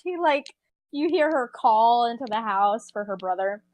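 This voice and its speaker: A woman's voice: a little high, lively intonation, normal speed, a little mellow, dry recording. A woman narrating as game master in a loose, laughing way, full of casual fillers.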